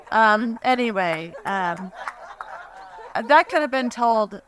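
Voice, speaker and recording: A woman speaks at a memorial with a bright, sharp tone, telling a story about a friend. She stops and restarts often. She laughs through her nerves and her grief. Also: a little high, animated, slow, pauses often, a faint crowd. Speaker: friend giving a eulogy. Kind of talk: memorial speech, personal anecdote. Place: memorial gathering.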